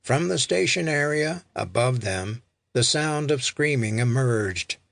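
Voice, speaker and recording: A man narrating an audiobook in a measured, deliberate way. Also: mid-range voice, animated, creaky, fairly bright tone, dry recording. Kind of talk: scripted narration.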